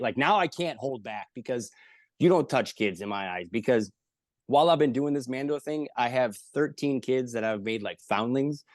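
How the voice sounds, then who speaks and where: A man of middle pitch tells his stories in a loose, jokey way and slips into the voices of the people he quotes. He swears casually as he goes. The recording is dry and close, with no room sound. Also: normal speed, no echo. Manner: animated, jokey storyteller who acts out the people he quotes, with frequent swearing. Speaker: comedian guest. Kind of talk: casual storytelling in an interview.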